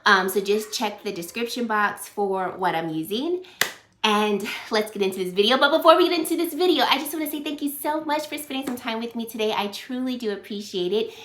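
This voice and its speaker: A woman in her thirties, a beauty vlogger talking casually to camera, emotional and teary, halting with many fillers. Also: on the high side, expressive, fairly bright tone, roomy sound. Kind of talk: casual get-ready-with-me chat.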